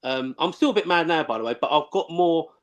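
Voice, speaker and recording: Fast-talking, sweary man. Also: on the high side. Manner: excitable, blunt and sweary storytelling. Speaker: former footballer, guest. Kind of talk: casual live chat.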